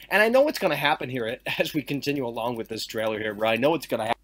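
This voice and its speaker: A man's voice: mid-range voice, animated, very fast, hardly any pauses, fairly bright tone. A man in a video clip griping dismissively about a game. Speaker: game critic in a reviewed clip. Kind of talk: complaining game commentary.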